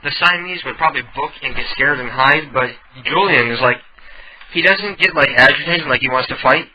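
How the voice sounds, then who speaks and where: A man's voice: a little high, fairly quick, lo-fi sound, a crowd in the background. A man hosting a radio call-in show from home, chatting casually and laughing often.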